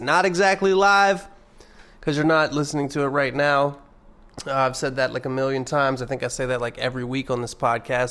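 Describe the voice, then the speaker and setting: A man's voice: medium pitch, fairly bright tone. Rambling, profane young man podcasting. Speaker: podcast host. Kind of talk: casual solo podcast rant.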